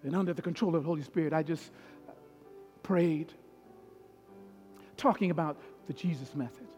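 A middle-aged man preaching a storytelling sermon as a pastor, swinging from hushed tones to loud peaks. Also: a little high, normal speed. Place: large church hall. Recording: long hall reverb with faint piano. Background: soft piano.

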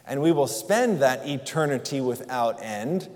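A man's voice: medium pitch, animated, measured pace, a little mellow. A man preaching a sermon in an earnest, conversational way, asking rhetorical questions. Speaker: pastor. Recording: long reverb in a large hall.

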